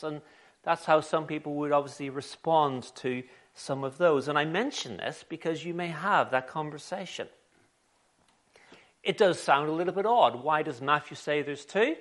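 A man preaching a sermon in an animated, conversational storytelling way. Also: on the high side.

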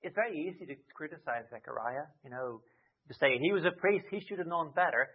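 A man preaching a sermon expressively, with dramatic rises and soft drops. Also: fairly high pitch, animated, brisk, slightly rough. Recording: tinny phone-like sound.

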